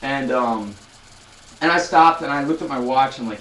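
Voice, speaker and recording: A man's voice: medium pitch, normal speed, fairly bright tone, reverberant, recorded from a distance, a little hiss or hum, low-quality recording. A man in his twenties chatting casually on a live stream, telling a rambling story with many restarts and addressing viewers. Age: 20s. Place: loud room.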